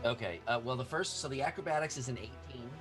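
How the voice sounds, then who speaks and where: A man's voice: medium pitch, fast talker, fairly bright tone, soft background music, rough recording. A man playing a tabletop role-playing game, eagerly describing his character's moves in detail. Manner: eager, descriptive, occasional laughs. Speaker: player.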